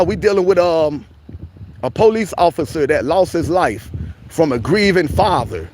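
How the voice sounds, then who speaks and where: A man's voice: sits high, slight background noise. A man hosting a casual livestream chat, preachy and repetitive, calling his viewers family. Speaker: livestream host.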